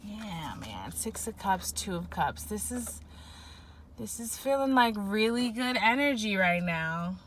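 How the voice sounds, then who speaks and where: Bright-voiced, rambling woman tarot reader. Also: medium pitch, very animated, takes it slowly, a little hiss or hum. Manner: rambling, emotional, thinking aloud with many fillers. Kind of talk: spiritual pick-a-pile reading.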